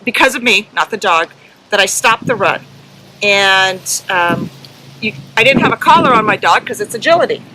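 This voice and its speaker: Bright-voiced earnest middle-aged woman. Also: medium pitch, rough recording. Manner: earnest, emotional, halting with many ums. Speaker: podcast co-host and herding judge. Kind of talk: casual storytelling chat.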